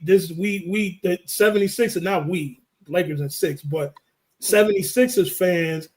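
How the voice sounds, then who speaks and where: A man co-hosting a sports podcast, talking in loose, joking banter and telling animated stories. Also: high voice. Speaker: podcast co-host.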